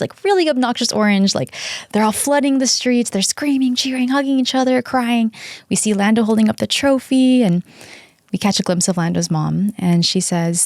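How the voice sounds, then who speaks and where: A woman's voice: mid-range voice, creaky, darkish tone, no echo, studio quality. A woman hosting a casual podcast, retelling a story as an earnest, gushing fan. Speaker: podcast host. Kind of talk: casual podcast chat and recap.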